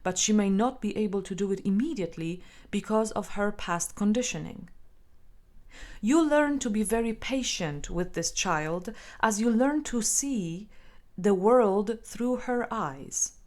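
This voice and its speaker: A woman narrating a self-help text in a calm, measured and gently instructive way. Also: medium pitch. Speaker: audiobook narrator.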